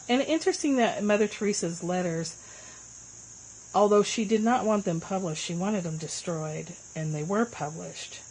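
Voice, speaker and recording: A woman's voice: a little hiss or hum, poor audio. Chatty woman hosting a livestream. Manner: chatty, answers viewer comments, lively swings in pitch. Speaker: livestream host. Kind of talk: casual livestream chat.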